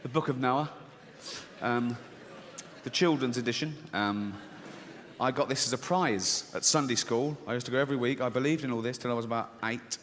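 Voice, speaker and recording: In a reverberant hall with faint ambience, a man delivers an animated, foul-mouthed comedy routine and plays different characters as he goes. His voice is mid-range at a moderate pace, with a little hiss or hum on the recording.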